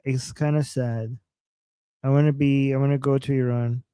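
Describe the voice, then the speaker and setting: Male livestream co-host, animated, stumbling restarts, dry close-miked voice. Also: mid-range voice, moderate pace, smooth, no echo. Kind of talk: casual livestream chat.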